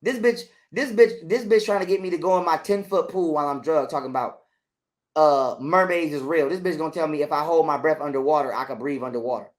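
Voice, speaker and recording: A man's voice: fairly high pitch, brisk. Profane man telling a wild story. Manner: animated retelling that acts out other people's lines. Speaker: interview guest. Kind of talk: profane storytelling in casual conversation.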